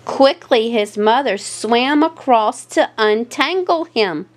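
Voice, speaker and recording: Woman storyteller, playful sing-song picture-book reading, slightly high voice, unhurried. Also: expressive.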